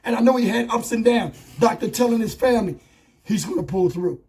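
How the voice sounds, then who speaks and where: Hoarse male vlogger with a high voice, fiery, profane commentary, close lavalier sound. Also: lively intonation, a little fast, a little mellow. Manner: blunt, profane, impassioned ranting. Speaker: YouTube commentator. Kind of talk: angry commentary vlog. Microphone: wireless lavalier.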